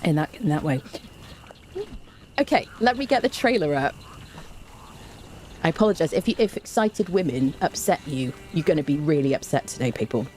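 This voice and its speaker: A woman streaming live, reading her chat aloud in an excited, gushing, chatty way and greeting viewers by name. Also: deep voice, normal speed, long pauses, a little hiss or hum. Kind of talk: excited casual livestream chat.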